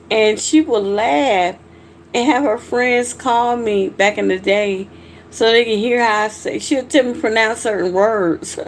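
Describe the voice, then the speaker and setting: Slow-talking Southern woman from Georgia. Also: a little high, slight background noise. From Georgia, USA. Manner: chatty, frank, reacts to viewer comments. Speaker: livestream host. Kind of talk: casual livestream chat reading comments.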